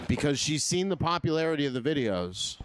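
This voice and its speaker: A man doing crowd-work stand-up comedy, loose and profane, laughing often and swinging his pitch up and down. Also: very animated, a little fast, background noise.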